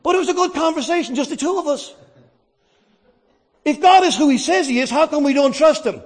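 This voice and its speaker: Man, very high pitch, sermon, dynamic, loud and soft by turns, asks and answers himself. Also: lively intonation, fairly quick. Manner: dynamic, swings from quiet to shouting; asks and answers his own questions. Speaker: preacher.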